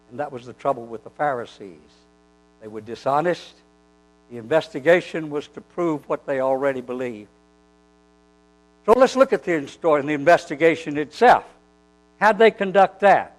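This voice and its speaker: Animated preacher man, lively pitch. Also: low-quality recording. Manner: animated storytelling, acting out quoted dialogue. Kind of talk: sermon.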